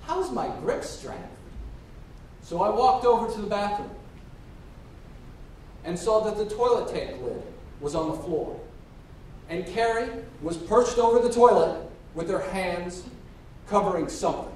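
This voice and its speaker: A man's voice: a little slow, pauses often. A man giving a storytelling speech as a contestant at a public speaking competition, acting out the quoted dialogue. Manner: lively, acts out quoted dialogue. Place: hall. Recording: echoey hall from far off with faint rumble.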